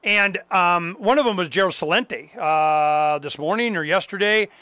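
A man hosting a casual talk show, ranting in an animated, profane way. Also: high voice, moderate pace, smooth, no room sound. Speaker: host. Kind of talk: casual chat.

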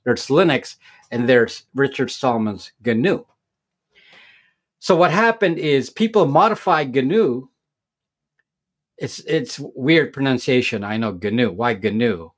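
A man who makes tech videos, explaining things as an interview guest in a casual, halting way with many repeated words and restarts. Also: medium pitch, animated.

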